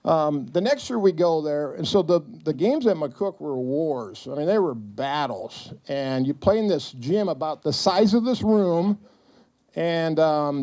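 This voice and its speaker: This is a middle-aged man's humorous retirement-celebration speech in an event hall, built from stories in which he voices the other people's lines. The pitch is fairly high and the tone mellow.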